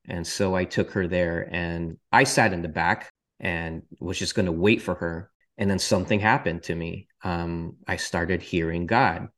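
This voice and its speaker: A man's voice: low-pitched, fairly even intonation, unhurried, few pauses, a bit bright. A male podcast host candidly and earnestly telling his personal faith testimony, with touches of self-deprecating humor.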